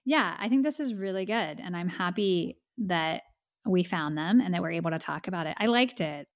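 A woman's voice: on the low side, lively intonation, normal speed, dry recording, studio quality. A woman co-hosting a podcast, chatting with enthusiasm about an album and saying "like" a lot. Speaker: podcast co-host. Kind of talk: casual music review chat.

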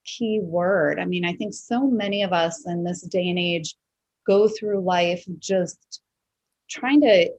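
Her voice is lowish and a little mellow, and she takes things slowly as she hosts a laid-back podcast interview. She talks reflectively and conversationally, with many fillers, over a dry, rough recording.

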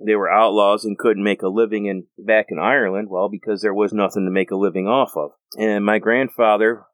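Earnest low-voiced American man. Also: no echo. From United States. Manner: earnest, rambling with restarts. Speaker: host. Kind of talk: casual monologue.

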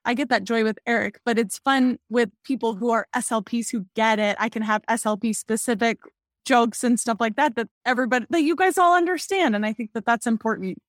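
Chatty young woman, higher voice. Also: brisk, dry recording, studio quality. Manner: chatty, animated storyteller, laughs often. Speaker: pediatric speech-language pathologist. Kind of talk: podcast interview.

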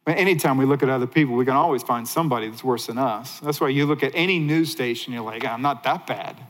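A man preaching a sermon as a pastor, animated, rising to excited highs and dropping to hushed lows. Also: fast, in a large hall, rough recording.

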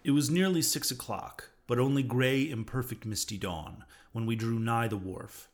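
A man narrating a classic novel as an audiobook, in a measured reading style that drops low on speech tags.

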